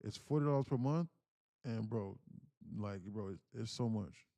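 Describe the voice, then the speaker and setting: A man's voice: lowish voice, normal speed, mellow. A man hosting a live trading stream, talking casually and slangily to his viewers, repeating himself and pressing his points with earnest insistence. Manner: slangy, repeats himself, keeps calling out "guys, listen". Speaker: day-trading livestream host.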